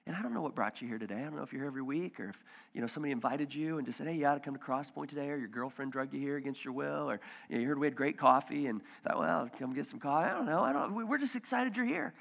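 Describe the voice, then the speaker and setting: A male pastor giving a conversational sermon, dropping to hushed near-whispers and rising to loud emphatic bursts. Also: fairly high pitch, racing, gravelly, hardly any pauses, big-room sound. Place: church auditorium.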